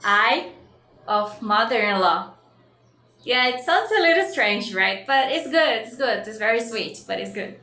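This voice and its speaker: A Brazilian woman with a Brazilian Portuguese accent teaching Portuguese words, cheerfully repeating each word slowly and giving its English meaning. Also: a little high, animated, bright, forceful tone. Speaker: language teacher. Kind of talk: bilingual vocabulary lesson. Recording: echoey room with faint noise.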